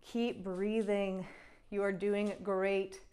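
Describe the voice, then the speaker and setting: A woman's voice: mid-range voice, level tone, slow pace, dark tone. A young woman, out of breath, coaching a follow-along kettlebell workout and counting down reps with encouragement. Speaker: fitness instructor.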